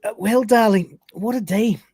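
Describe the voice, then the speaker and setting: A man's voice: sits high, normal speed, a little mellow, slightly rough, no echo, pitched above the performer's own voice. A man reading a weary slobbish spaceman. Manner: lightly read-out quotes, mild lift.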